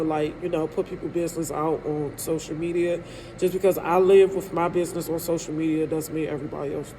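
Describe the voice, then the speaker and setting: A woman's voice: low voice, warm tone, a little hiss or hum. A woman in her thirties telling a candid, emotional storytime vlog about her own life, rambling and often checking in with her listeners. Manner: candid, rambling, frequent "you know what I'm saying"; emotional and hurt.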